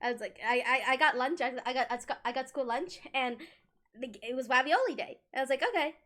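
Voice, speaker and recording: A woman's voice: high-pitched, a little fast. A young woman streaming live, telling school stories to her chat in a casual, giggly way, acting out quoted lines. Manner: giggly, animated, acts out quotes.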